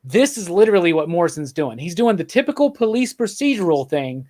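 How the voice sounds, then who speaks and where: A man with a fairly high voice talks comics in an eager, rambling way. He often starts over and keeps checking in with the others. It is a loose, casual chat over a couple of beers. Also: sing-song, a little fast, a little mellow. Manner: enthusiastic, rambling with restarts and frequent "right?". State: drinking beer while talking. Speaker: podcast co-host.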